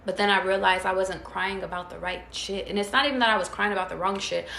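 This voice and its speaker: A woman tarot reader with a mid-range, steady voice talks quickly to her viewers, her delivery creaky and sharp. She's blunt and profane, hammering her points home through repetition in a casual spiritual pep talk. The echoey room recording carries a faint hiss underneath.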